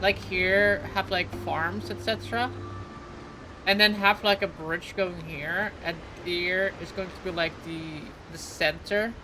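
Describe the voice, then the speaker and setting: A woman's voice: on the low side, steady tone, a little slow, background noise. A young adult woman streaming a game live, chatting casually and playfully with lots of "like" fillers. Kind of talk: casual live gameplay chat.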